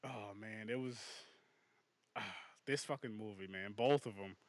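A man co-hosting a casual movie podcast, talking excitably with lots of swearing and restarts. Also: on the low side, a little slow, dry recording, studio quality. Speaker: podcast co-host.

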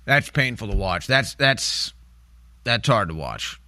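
A man's voice: on the low side, very animated, takes it slowly, sharp tone, dry recording. A man hosting a talk radio show, commenting in an indignant, mocking way and repeating his points.

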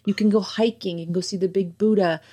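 A young adult woman from Pennsylvania, a podcast guest chatting in a relaxed, enthusiastic way. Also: mid-range voice, quick pace. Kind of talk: casual chat.

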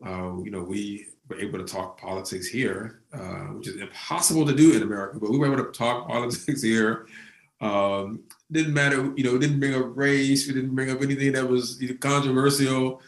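A man's voice: medium pitch, steady tone, fairly quick, reverberant, low-quality recording. A man hosting an interview, chatting in a friendly, rambling way and showing appreciation for his guest. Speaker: host. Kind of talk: conversational interview.

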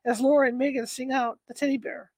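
Female narrator, high-pitched, dry close-miked read-aloud storytelling. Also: steady tone, fast, darkish tone, dry recording, rough recording.

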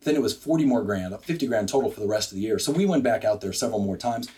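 A man in his sixties from Wisconsin, a business owner telling a story in a podcast studio interview, animated and acting out what people said. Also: lowish voice, fast. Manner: energetic, acts out quotes, frequent restarts.

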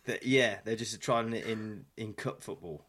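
Man telling lively stories. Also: fairly low pitch, moderate pace. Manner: animated storyteller acting out quotes, swearing. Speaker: podcast co-host. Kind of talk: casual chat.

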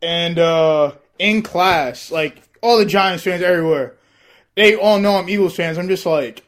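Excitable guest dude, keeps saying bro, pretty high-pitched. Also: male voice, unhurried. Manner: excitable, laughs often, says bro a lot. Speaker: podcast guest. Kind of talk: casual chat.

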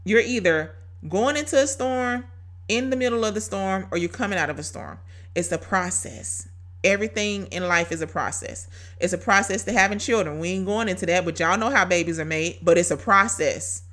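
Woman, bright voice, preachy testimony, calls listeners y'all. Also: medium pitch, normal speed. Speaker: podcast host sharing a testimony. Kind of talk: faith-based podcast talk.

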